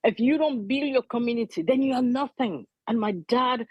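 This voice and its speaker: Brief: middle-aged woman, husky, higher-pitched, impassioned advocate giving testimony on a dull recording. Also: moderate pace, dry recording. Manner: earnest, emotional, repeats key points. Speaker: community advocate.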